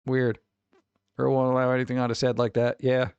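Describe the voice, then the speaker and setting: A young man streaming, chatting casually while reacting to pet pictures, animated and chuckling, sometimes putting on funny voices for the animals. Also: mid-range voice, brisk, clean tone, no room sound, muffled recording.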